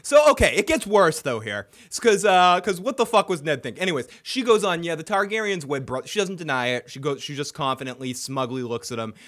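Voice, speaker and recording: A man co-hosting a casual recap show, ranting and swearing in animated chat. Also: on the high side, a little fast, hardly any pauses. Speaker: podcast co-host.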